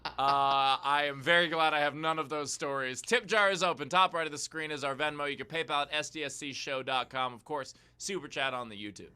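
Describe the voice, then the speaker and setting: A male host keeps the chat moving with quick, joking banter. His voice is very bright and sits fairly high. He is talking over a video call. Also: smooth. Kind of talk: casual chat.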